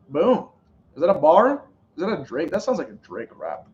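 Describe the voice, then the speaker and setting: A man hosting a casual live stream, reacting to a football game and calling plays in an excitable, rambling way. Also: moderate pace, roomy sound, dull audio, a little hiss or hum. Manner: excitable, rambling, pitch jumps on big plays. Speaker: sports live-stream host.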